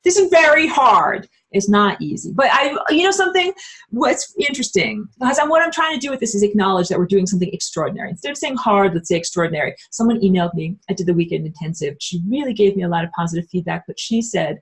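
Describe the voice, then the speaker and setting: A bubbly woman runs a live-streamed lesson, chatting with her viewers. She talks loosely, with plenty of "like" and "um", and slips into squeaky high voices when she quotes people. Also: lively intonation, fast talker, husky. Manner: many fillers like "like" and "um". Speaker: online spiritual course teacher.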